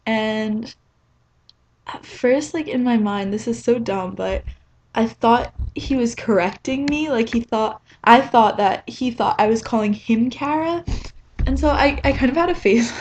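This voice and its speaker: A woman's voice: fairly high pitch, a little mellow, a little hiss or hum. A young woman telling a rambling, self-mocking story in a casual vlog, filling it with "like.". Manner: chatty and rambling, heavy on "like". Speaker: vlogger.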